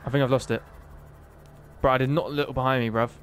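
A young man streaming a game live, excitable and swearing often, talking to the creatures on screen. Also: mid-range voice, a little fast, a little hiss or hum. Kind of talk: live gameplay commentary.

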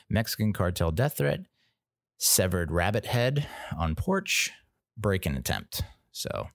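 A low-voiced man hosts a podcast, delivering a rambling, profane story as a casual monologue and acting out what people said. The recording is dry, with clean studio sound.

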